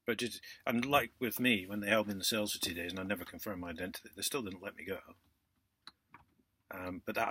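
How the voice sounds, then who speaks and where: A man vlogging in a casual, indignant monologue, sarcastic, with loud outbursts and muttered asides. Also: fairly low pitch, a little hiss or hum. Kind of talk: casual ranting monologue to camera.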